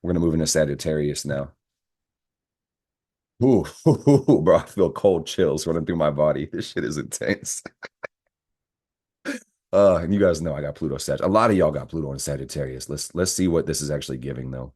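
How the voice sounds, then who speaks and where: Very deep-voiced man ranting a tarot reading. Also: fairly even intonation, a little fast. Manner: fired-up, profane, ranting, swings into loud outbursts. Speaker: astrology and tarot reader. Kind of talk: tarot reading monologue to camera.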